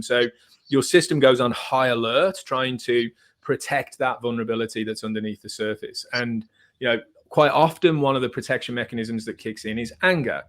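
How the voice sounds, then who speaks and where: A man, a therapist hosting, explaining ideas in a measured, teaching way. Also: medium pitch, fairly bright tone. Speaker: therapist, host. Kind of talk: explanatory talk.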